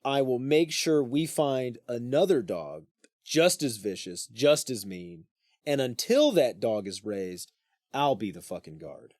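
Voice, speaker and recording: A man voicing a confident young hero calmly promising to stand guard, as he retells a myth on a podcast. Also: mid-range voice, measured pace, no room sound, studio quality. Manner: calm, boastful. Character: cocky young boy hero making a vow.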